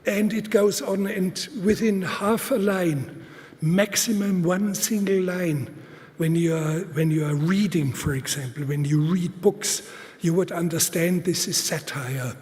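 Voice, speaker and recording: A man gives a live conference talk in deliberate, halting speech, with fillers and restarts, stressing points by repeating words. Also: high-pitched, a little mellow. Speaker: conference speaker. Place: large auditorium. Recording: long hall reverb.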